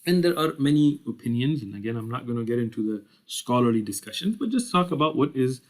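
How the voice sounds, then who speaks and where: Man, american, religious lecture, mid pitch, explanatory, playful quoted dialogues. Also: animated, fast. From United States. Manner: explanatory, acts out dialogues with laughter. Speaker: Islamic lecturer.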